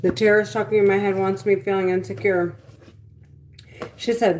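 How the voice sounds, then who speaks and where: A woman talking alone in an agitated, insistent way. She repeats herself over and over, rushing through some lines and dropping to low mutters on others. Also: flat delivery, a little mellow, a little hiss or hum. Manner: agitated, repetitive, swings between fast bursts and low mutters. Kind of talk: casual monologue to camera.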